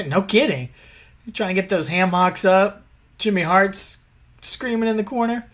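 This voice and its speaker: A man's voice: high-pitched, unhurried, a bit bright. A man co-hosting a podcast in casual chat, laid-back and chuckling often as he runs through details of what is on screen. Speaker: podcast co-host. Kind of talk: casual watch-along chat.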